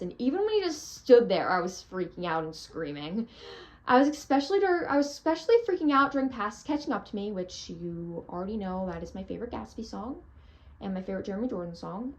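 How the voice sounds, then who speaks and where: Gushing teenage girl, high voice. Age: teens. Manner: gushing, breathless, lots of "like" and "oh my gosh". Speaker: theater fan vlogger. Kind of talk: excited storytelling.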